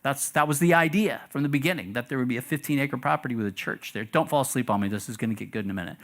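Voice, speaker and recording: A middle-aged pastor telling a story to his congregation in a relaxed, conversational sermon, often asking the room questions. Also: mid-range voice, rapid-fire, hardly any pauses. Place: church sanctuary.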